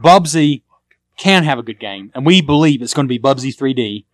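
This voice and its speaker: A man's voice: medium pitch, animated, normal speed, no room sound. A man co-hosting a podcast, chatting casually and rambling with self-deprecating humor. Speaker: podcast co-host. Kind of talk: casual chat.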